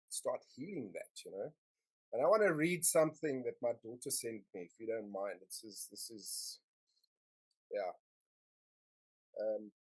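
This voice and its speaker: A man's voice: medium pitch, darkish tone, husky, low-quality recording. A middle-aged man candidly sharing his personal story on an online panel, emotional and earnest, often repeating phrases as he speaks over a video call.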